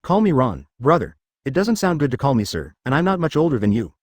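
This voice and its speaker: A man's voice: medium pitch, very animated, a little fast, no room sound. A man reading the lines of a kind, powerful young male pirate hero in a dry synthetic voice.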